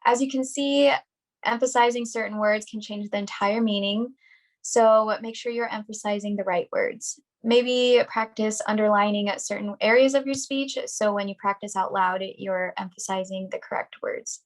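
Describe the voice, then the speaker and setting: A young woman on a video call reading a prepared workshop presentation in a clear, deliberate, instructional way. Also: mid-range voice, steady tone, rough recording.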